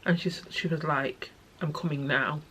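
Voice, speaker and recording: A young woman telling a personal story in her vlog, tearful and halting, with many pauses and restarts. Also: deep voice, steady tone, a bit bright, slight background noise. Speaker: vlogger.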